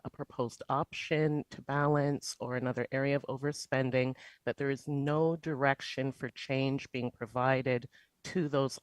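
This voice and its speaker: A woman's voice: rumbling low, darkish tone, dry recording, low-quality recording. A trustee at a formal school board meeting, carefully asking for clarification and restating her question. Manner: careful, repeats requests for clarity.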